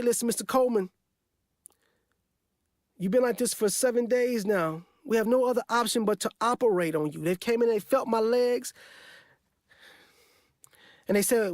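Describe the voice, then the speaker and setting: A man's voice: very high-pitched, no echo. Man, 40s, motivational speaker, earnest repetitive testimony, dry close sound. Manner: earnest, repetitive, emphatic retelling. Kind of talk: personal testimony storytelling.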